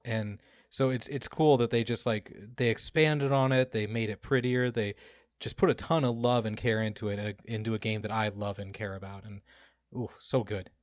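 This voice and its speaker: A man co-hosting a podcast in casual chat, animated and laughing often. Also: lowish voice, moderate pace, dry recording. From Minnesota. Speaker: podcast co-host. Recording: dull lo-fi mic.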